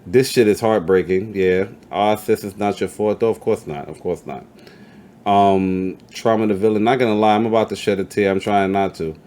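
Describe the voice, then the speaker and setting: A man hosting a casual interview, swearing freely and hyping up his guest while he reads chat comments out loud. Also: fairly low pitch, steady tone, moderate pace. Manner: profane, hype, reads chat comments aloud. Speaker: podcast host. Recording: faint background noise.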